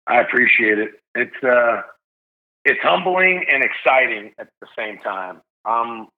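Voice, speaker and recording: A man, a stadium announcer guest on a podcast, telling stories in an excitable, joking way. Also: mid-range voice, unhurried, phone-quality sound. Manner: excitable, jokey storyteller. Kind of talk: casual podcast storytelling.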